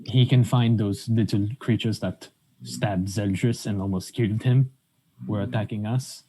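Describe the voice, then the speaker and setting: A man's voice: lowish voice, steady tone, a little slow, warm tone, breathy edge, low-quality recording. A man playing a character in a tabletop game, hesitant and chatty. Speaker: player.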